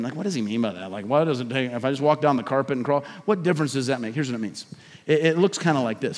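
A male pastor delivering a sermon in a church sanctuary. He pushes up to loud, emphatic peaks, then falls back to hushed, intimate asides. His voice sits high and carries a long reverb tail from the hall. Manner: preaching with swelling emphasis and sudden drops to a hush.

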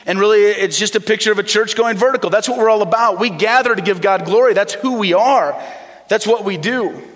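Bright-voiced man preaching in a hall. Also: high voice, brisk. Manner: emphatic preaching, call-and-response questions. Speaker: pastor. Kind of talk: sermon. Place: church auditorium. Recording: long reverb of a church hall.

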